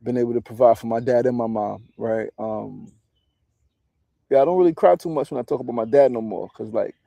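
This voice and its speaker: A man in his forties with a gravelly, creaky edge to his voice. His tone is deep and mellow, and he talks in a candid, reflective way, swearing freely and checking in with "right?" as he goes. The sound is close and dry. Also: brisk, dry recording. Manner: candid, profane, often tags lines with "right?". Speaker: podcast host and meditation teacher. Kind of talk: reflective casual monologue.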